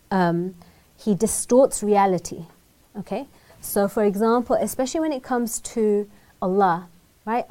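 Woman teacher, mellow warm tone; chatty Quran lesson, quick Arabic recitation, frequent "right?" check-ins. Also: medium pitch. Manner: conversational, often checks in with "right?"; recites Arabic verses quickly, then explains in English. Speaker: Islamic teacher. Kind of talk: religious lesson on Quran verses.

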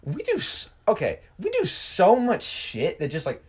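Husky young man swapping crude stories. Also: high-pitched, a little fast, hardly any pauses. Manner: animated, crude storytelling with frequent swearing. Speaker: podcast host. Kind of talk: casual chat.

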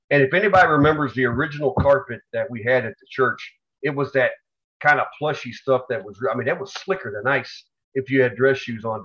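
A man co-hosting a casual podcast, telling family stories in an animated way and acting out the people in them. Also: mid-range voice. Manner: animated storyteller, acts out family members with yells. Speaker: podcast co-host. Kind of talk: casual storytelling chat. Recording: dull lo-fi recording.

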